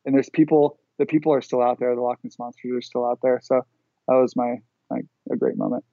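A man co-hosting a podcast in casual banter, cracking wry, deadpan jokes and swearing. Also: mid-range voice, brisk, vocal fry, dry recording, dull audio. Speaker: podcast co-host.

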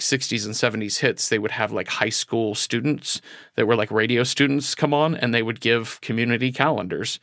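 Bright-voiced man in casual chat. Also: medium pitch, no echo, studio quality. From Texas. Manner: rambling, laughs easily, many fillers. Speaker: podcast co-host and writer.

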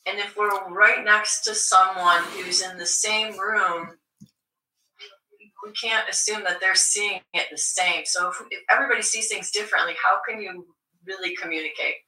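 A woman's voice: mid-range voice, steady tone, moderate pace, bright, forceful tone. A woman asking a teacher a question on a video call, hesitant and thoughtful. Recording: echoey, distant, noisy call audio.

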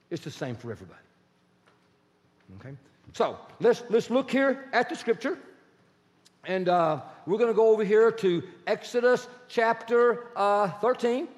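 A man's voice: sits high, long reverb tail. A male pastor preaching a sermon, quizzing his congregation and leaning hard on key words. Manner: quizzes the congregation, animated and emphatic.

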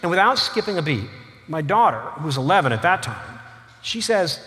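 A middle-aged man spins funny family anecdotes on a lecture stage, laughing easily at himself. His voice is high and bright, and it rings with the long echo of a big hall. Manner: animated, self-deprecating, quick to laugh. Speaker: author giving a lecture. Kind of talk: humorous storytelling to a live audience.

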